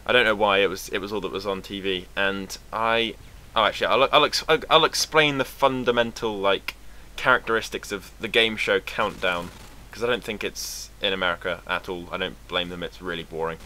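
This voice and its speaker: Bright-voiced young British man rambling. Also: fairly low pitch, steady tone, a little fast, few pauses. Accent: British English. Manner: rambling, sarcastic, swears freely. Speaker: vlogger. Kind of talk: casual rambling monologue.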